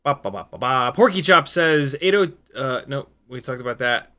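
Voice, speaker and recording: A man's voice: mid-range voice, animated, moderate pace, pushed and bright. Tired, rambling man hosting a livestream. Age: 40s or older. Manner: rambling and candid, with frequent fillers and self-mocking asides. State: tired, sleep deprived. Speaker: FPV drone livestream host. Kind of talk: casual livestream chat reading viewer comments.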